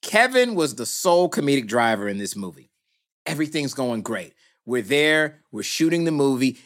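A man's voice: mid-range voice, very animated, normal speed. A man who is a film producer, telling a story with energy and acting out the voices of the people in it. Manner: acts out voices in anecdotes, swings from hushed to exclaiming. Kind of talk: animated storytelling.

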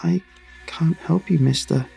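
A man's voice: measured pace, creaky, mellow, breathy edge, soft background music, exaggerated voice. A man voicing a frightened young boy who is home alone and pleading through a locked door. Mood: nervous pleading. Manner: pleading, high and strained.

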